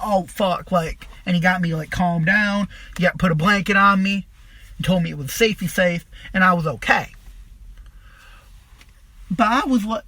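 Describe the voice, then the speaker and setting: A man's voice: high voice, pushed and bright, slightly rough. A man hosting a podcast, telling a personal story in a rambling, profane way, full of fillers. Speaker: podcast host.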